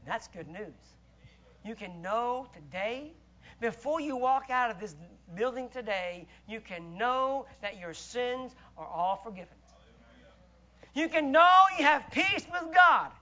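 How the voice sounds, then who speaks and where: In a church, a man preaches an emphatic, rhetorical sermon, shifting between loud declarations and hushed asides. His voice is extremely high with lively intonation and a slow pace, and the audio sounds dull.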